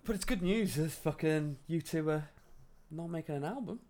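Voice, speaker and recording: A man's voice: a little high, normal speed, mellow. A man co-hosting a music podcast in casual chat, joking and swearing. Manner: jokey, swears, laughs often. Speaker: podcast co-host.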